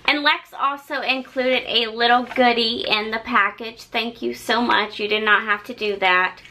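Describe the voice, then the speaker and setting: A woman's voice: fairly high pitch, fairly even intonation, normal speed, bright, forceful tone, a little hiss or hum, low-quality recording. A woman vlogger casually opening fan mail on camera, gushing and effusive over each gift. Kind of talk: casual haul vlog.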